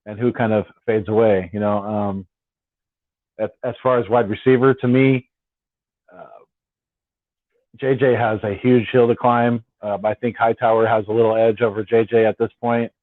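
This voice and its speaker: A man with a lowish voice hosts a relaxed late-night fan live stream, rambling along and often restarting his words. The sound is thin and phone-like, with no room echo at all. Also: moderate pace, pauses often. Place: at home on the West Coast. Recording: dry, tinny phone-like sound.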